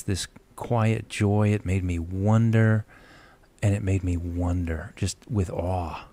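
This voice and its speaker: A man with a very deep, mellow voice hosts a radio talk show. He speaks reflectively and affirms his guest. His talk is relaxed interview conversation.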